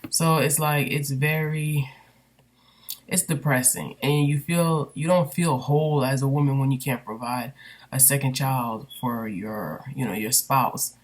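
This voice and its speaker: A woman's voice: very deep voice, fairly even intonation, measured pace. A woman candidly venting in a personal vlog, rambling and emotional with many fillers, recorded on a built-in computer microphone. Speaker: vlogger.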